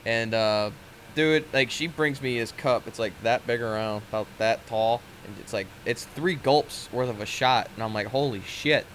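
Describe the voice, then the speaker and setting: A man's voice: mid-range voice, moderate pace, a bit bright, slight background noise. A man chatting casually as a podcast co-host, laid-back and swearing freely.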